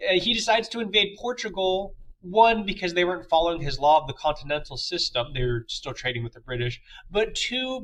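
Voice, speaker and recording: A man's voice: a little high, sharp tone, poor audio. A young man teaching a history lesson in a loose, chatty way, with lots of fillers and playful asides. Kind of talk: casual classroom lecture.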